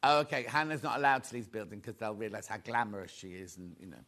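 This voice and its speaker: A man presenting a live shopping show, chatty and excitable, rambling to the crew and viewers between sales. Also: on the low side, fast talker. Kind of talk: live selling chat.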